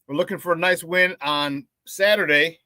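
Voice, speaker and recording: A male morning sports radio host talking in a loose, hyped-up, slangy way. His voice is fairly high and bright. He is recorded in a dry studio close to the mic. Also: moderate pace, no echo. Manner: energetic, slangy hype. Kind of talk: casual morning sports talk.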